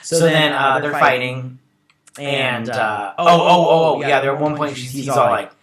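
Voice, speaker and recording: A man's voice: mid-range voice, unhurried, reverberant, crowd noise. A man hosting a casual episode recap, rambling with lots of fillers and restarts. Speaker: show host.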